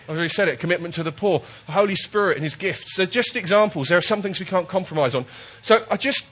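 A man's voice: high-pitched, fast talker, fairly bright tone, breathy edge. A man preaching a chatty, jokey sermon while he has a cold, often checking in with his listeners.

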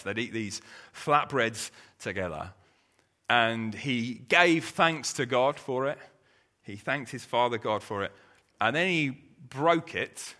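Bright-voiced man retelling a story. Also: medium pitch. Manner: conversational, with restarts and acted quotes. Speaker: preacher. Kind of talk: storytelling sermon.

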